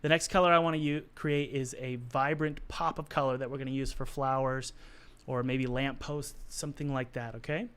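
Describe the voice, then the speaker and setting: Hoarse man teaching on a live stream. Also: medium pitch, steady tone, normal speed, a bit bright. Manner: chatty and encouraging, talks to the chat while working. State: hoarse, losing his voice. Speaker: art instructor hosting a live stream. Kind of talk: casual live-stream tutorial.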